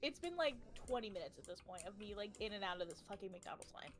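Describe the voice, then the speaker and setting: Uma jovem com sotaque americano conta uma história de forma animada e cheia de palavrões, imitando as pessoas com vozes mais agudas. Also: female voice, quick pace. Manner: animated, acts out quoted people in higher voices, swears freely. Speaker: streamer. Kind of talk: casual storytelling on a game stream.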